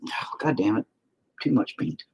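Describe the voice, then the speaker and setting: A man rambling to himself while painting, profane and self-deprecating. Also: moderate pace. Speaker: painter talking to camera. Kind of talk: rambling casual monologue.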